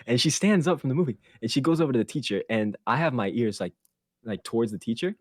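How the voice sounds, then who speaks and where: A man hosting a podcast, telling a story in a casual, animated and profane way, laughing as he goes. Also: mid-range voice, quick pace, dry recording, studio quality. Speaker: podcast host.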